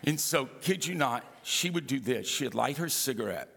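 A man's voice: medium pitch, moderate pace, gravelly, noisy background. A male pastor preaching a sermon, telling funny stories with asides to the congregation. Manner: animated, humorous storytelling with asides to the congregation. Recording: reverberant hall.

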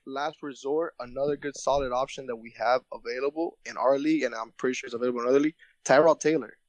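A man's voice: on the high side, no room sound. A young man co-hosting a podcast, chatting casually and jokingly, often repeating his words. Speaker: podcast co-host. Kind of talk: casual sports chat.

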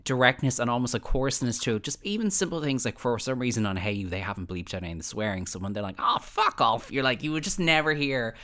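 A man with a bright, forward voice chats casually on a podcast. He tells his stories in an animated way. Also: medium pitch, fast, few pauses. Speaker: podcast co-host. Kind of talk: casual chat.

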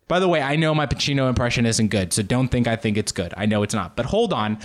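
A man telling casual, rambling stories on his own show, often jumping into loud comic impressions. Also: medium pitch, quick pace, few pauses. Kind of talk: casual solo storytelling.

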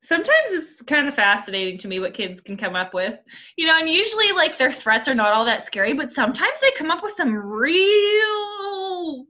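A woman co-hosting a casual podcast, giggling often and reading aloud haltingly. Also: high voice, big pitch swings, pushed and bright, lo-fi sound. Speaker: podcast co-host. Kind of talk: casual chat.

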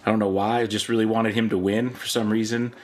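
Low-voiced man telling casual stories. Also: fast talker. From Canada. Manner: rambling, animated anecdotes with many fillers. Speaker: podcast host being interviewed. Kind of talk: casual storytelling interview.

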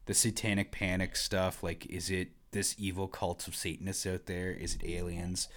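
A man with a fairly low voice chats easily as a podcast co-host. He thinks aloud in a relaxed, conversational way. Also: moderate pace. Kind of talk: casual chat.

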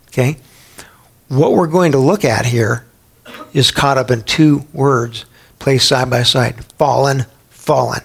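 A man's voice: medium pitch, takes it slowly, gravelly, slightly rough. A middle-aged man preaching a Bible teaching sermon in a conversational way, sometimes acting out quoted voices. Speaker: pastor.

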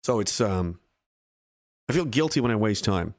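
A man's voice: on the low side, animated, normal speed. A man in his thirties from Canada, a veteran streamer giving blunt, profane, heated commentary to his live chat. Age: 30s.

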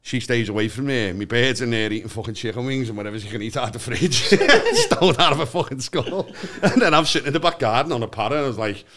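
A man's voice: medium pitch, very animated, quick pace, hardly any pauses, fairly bright tone. A man, a guest on a casual podcast chat, telling stories full of swearing and often laughing through his own words.

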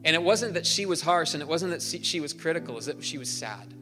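A man's voice: on the high side, animated, fast. A man preaching a sermon as pastor, earnest, building to emphatic repeated phrases in a large church hall. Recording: live church hall reverb with soft instrumental music.

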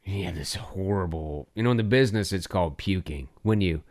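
A man's voice: sits low, a little fast, darkish tone, no room sound, clean studio sound. A man from Colorado co-hosting a podcast in a casual comedy chat, joking and laughing often. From Colorado, USA. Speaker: podcast co-host.

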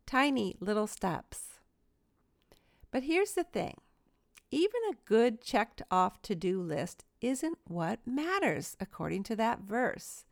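Earnest woman with a creaky voice. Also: fairly high pitch, slow pace, dry recording, clean studio sound. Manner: earnest, self-deprecating, lively storytelling. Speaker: Christian speaker. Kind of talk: devotional talk.

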